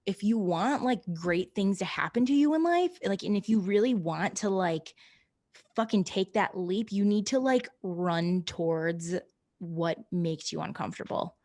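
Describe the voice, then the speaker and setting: A woman's voice: medium pitch, lively intonation, a little slow, darkish tone, no echo, clean studio sound. A woman in casual podcast conversation, frank and loose, with occasional swearing.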